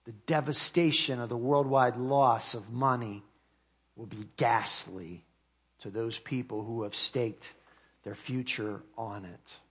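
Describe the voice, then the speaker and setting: A man preaches in an earnest voice of middling pitch. He reads scripture with swelling emphasis and then slows, dropping quietly at the ends of his lines. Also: slightly rough. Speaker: pastor. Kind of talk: sermon.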